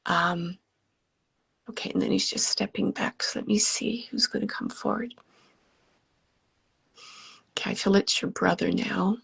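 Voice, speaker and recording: Gentle gravelly-voiced woman medium. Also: medium pitch, steady tone. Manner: gentle and halting, relaying messages, often dropping to a whisper. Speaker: psychic medium. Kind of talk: live mediumship readings to an audience.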